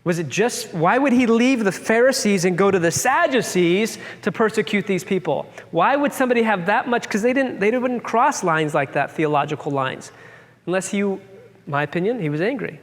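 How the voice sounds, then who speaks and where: A man's voice: sits high, animated, normal speed, long reverb tail. A man leading a casual Bible discussion, thinking aloud with many restarts and open questions.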